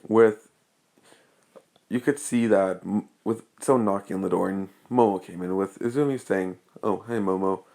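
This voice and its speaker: A man's voice: on the low side, normal speed, gravelly, dark tone. A man improvising a fan story as narrator, rambling with many restarts.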